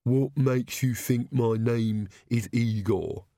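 A haughty male castle servant from a comic storybook, grumbling and slow, voiced by a male reader. His lines come out measured and sour, in a dry, close recording. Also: mid-range voice, dark tone, no room sound.

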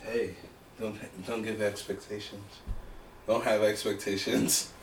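A man's voice: on the low side, level tone, measured pace, a little hiss or hum. A man in a casual podcast chat, talking dry and laid-back. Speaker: podcast co-host. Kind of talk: casual banter. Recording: distant mic in an echoey room.

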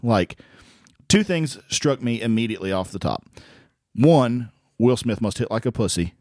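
A man's voice: mid-range voice, expressive, normal speed, a little mellow, no echo, clean studio sound. A man co-hosting a comedy podcast, talking in casual profane banter, teasing and sarcastic. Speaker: podcast co-host.

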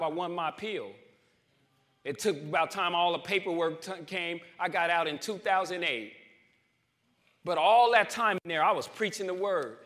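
A high-pitched man preaches a testimony sermon in church. His voice is bright and forceful, and he repeats his points and swells louder to call the congregation in. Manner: call-and-response preaching, emphatic repetition, swells louder to the crowd.

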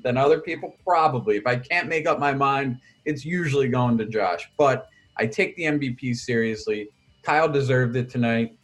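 A man's voice: medium pitch, normal speed, faint music behind. A man co-hosting a podcast in casual, easygoing chat, laughing now and then. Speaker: podcast co-host.

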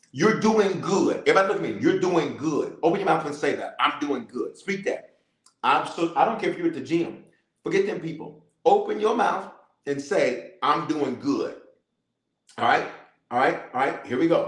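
Animated preaching man in a roomy space. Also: a little high, a little fast. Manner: animated preacher, repeats phrases, calls for responses. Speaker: bishop leading online prayer. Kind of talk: livestreamed prayer and teaching. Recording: roomy echo.

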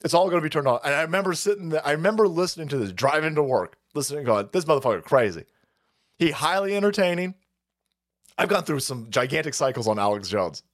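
A man's voice: on the high side, fast talker. Man ranting profanely on a livestream. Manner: profane, animated, laughing rants. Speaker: livestream host. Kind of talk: ranting political commentary.

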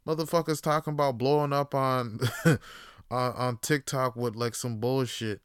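A man's voice: mid-range voice, fairly even intonation, normal speed, clear, resonant tone, dry recording, clean studio sound. Profane, rambling man on a podcast. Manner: profane, rambling, laughs often. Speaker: podcast host. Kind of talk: casual opinion monologue.

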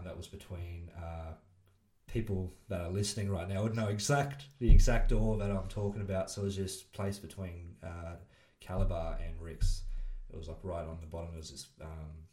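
A man's voice: low-pitched, mellow. An Australian man who is a guest on a podcast, talking loosely with many fillers and swearing. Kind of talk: casual chat. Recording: roomy echo.

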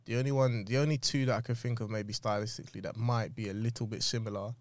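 A man's voice: medium pitch, fairly even intonation, quick pace, no room sound. A man co-hosting a football podcast in casual, slangy chat. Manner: slangy, emphatic. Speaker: podcast co-host.

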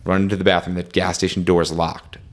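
A man's voice: deep voice, flat delivery, quick pace. A young man telling a long travel story in casual conversation, full of "like" and "um", acting out what he and his friends said. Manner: rambling, fillers like "like" and "um", reenacts dialogue.

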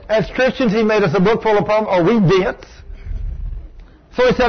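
A man preaching a sermon to a live audience, telling folksy stories and dropping into a low hushed voice for quoted lines. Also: normal speed, pauses often, lo-fi sound. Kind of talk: sermon with storytelling.

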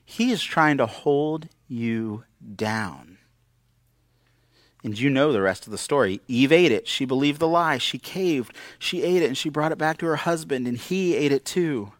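A man's voice: mid-range voice, animated, a little slow, no echo, clean studio sound. A man preaching a conversational sermon, acting out quoted voices with wry humor. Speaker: pastor. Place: church.

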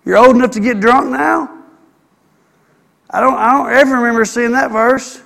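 A man preaching a sermon, animated and acting out the people he quotes. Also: extremely high pitch, moderate pace, creaky, in a large hall. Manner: animated, acts out quoted people, calls for amen.

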